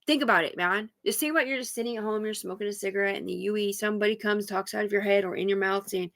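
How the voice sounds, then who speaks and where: A woman's voice: medium pitch, fast, few pauses, fairly bright tone. A woman talking alone on a live stream in a rambling, profane, agitated way, jumping from thought to thought.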